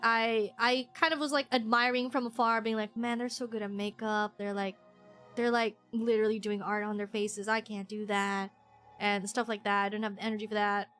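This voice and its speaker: A woman's voice: medium pitch, little pitch movement, normal speed, a bit bright, faint music behind. A young adult woman streaming a game, chatting casually in a rambling, self-deprecating way with lots of restarts and giggles. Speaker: VTuber streamer.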